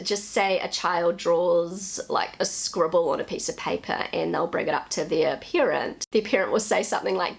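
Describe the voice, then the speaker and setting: A woman in her thirties with a New Zealand accent, chatting casually to camera as a vlogger, with relaxed asides. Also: lowish voice, gravelly. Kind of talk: casual vlog commentary.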